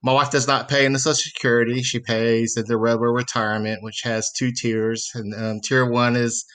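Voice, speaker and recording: A man's voice: medium pitch, little pitch movement, moderate pace, fairly bright tone. A man in his fifties from Mississippi with a Southern accent, calling a podcast and earnestly explaining his situation step by step, with many fillers. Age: 50s. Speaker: caller. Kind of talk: casual chat.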